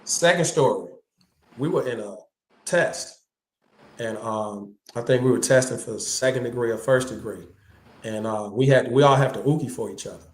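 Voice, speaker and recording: A martial artist appearing as a guest tells animated stories in a casual storytelling chat, using slang and imitating the people he quotes. His voice is at an ordinary middle pitch and normal speed, with a roomy echo.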